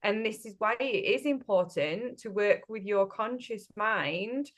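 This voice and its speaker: A woman's voice: medium pitch, a little slow. A woman, a coach, in casual podcast chat, speaking directly and bluntly and often checking in with the listener. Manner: direct and blunt, often tags statements with "right?". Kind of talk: casual spiritual business chat.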